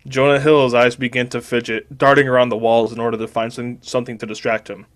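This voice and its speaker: A man's voice: medium pitch, flat delivery, fast talker. A man, a podcast host, casually reading out a crude comedic fanfiction, rambling and restarting words.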